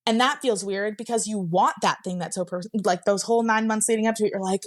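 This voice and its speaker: A woman's voice: mid-range voice, quick pace, hardly any pauses. A young woman telling her own story in a casual, rambling way, leaning often on "like" and laughing as she talks. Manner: rambling, heavy use of "like", laughs while telling. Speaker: guest sharing her story.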